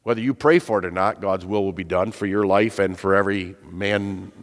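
A man's voice: deep voice, fairly even intonation, a little fast, big-room sound. A man preaching a sermon, earnest and emphatic, asking his listeners rhetorical questions. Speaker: pastor.

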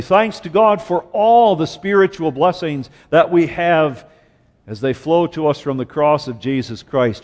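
Male preacher, sermon delivery, emphatic swings between urgent and slow, somewhat high voice. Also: big-room sound. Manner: emphatic, swings from raised urgent passages to low slow stresses.

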